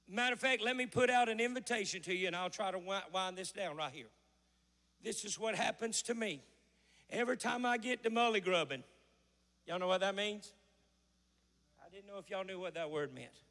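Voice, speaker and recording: A pastor preaches in a folksy way, his voice high and gravelly with a bright, forceful edge. His voice carries a long reverb from the church hall around him. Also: a little fast. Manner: folksy, preaching in a rising shout. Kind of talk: sermon. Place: church sanctuary.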